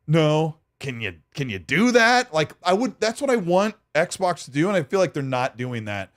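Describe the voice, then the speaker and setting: A man's voice: a little high, very animated, moderate pace, hardly any pauses, a bit bright. A man co-hosting a gaming podcast in casual chat, rambling and detailed. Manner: rambling, detailed, full of fillers like "you know". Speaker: podcast co-host.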